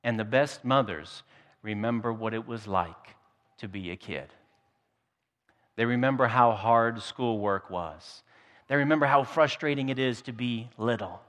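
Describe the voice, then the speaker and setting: A man's voice: mid-range voice, unhurried, fairly bright tone. A man pastor delivering a sermon in a storytelling, humorous way, often repeating his words as he goes. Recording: long hall reverb.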